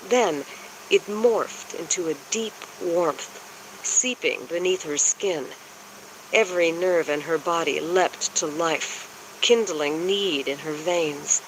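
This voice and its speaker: A man reads a romance audiobook in a measured, scripted narration. His voice sits slightly high and bright, and his pace is very slow. A faint insect-like hiss runs behind the recording. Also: rough recording.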